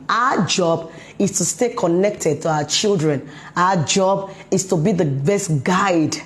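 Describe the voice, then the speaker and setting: Emphatic woman giving a parenting talk. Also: on the low side. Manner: emphatic, asks many rhetorical questions. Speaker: parenting coach.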